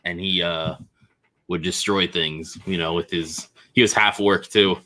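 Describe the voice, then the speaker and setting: Deep, bright-toned man explaining plans. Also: steady tone, a little slow. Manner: laid-back, explaining plans with many fillers. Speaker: co-host and game organizer. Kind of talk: casual chat.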